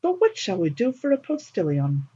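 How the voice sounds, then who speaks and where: A woman voicing a kindly, motherly fairy godmother in a storybook reading, warm and reassuring, on a dull lo-fi recording. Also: medium pitch, wildly swooping pitch, normal speed, slightly rough.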